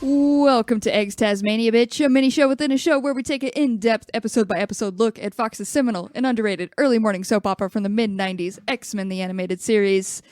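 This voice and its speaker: A woman's voice: on the high side, fast, hardly any pauses, a little mellow, dry recording. A woman co-hosting a podcast, talking in a casual, enthusiastic way and laughing often. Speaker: podcast co-host. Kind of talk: casual chat.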